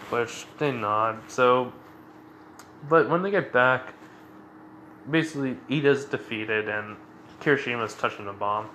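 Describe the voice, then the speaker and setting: A man's voice: medium pitch, a little slow, pauses often, sharp tone, slight background noise. A man casually retelling a fan-made story in a rambling way, full of fillers.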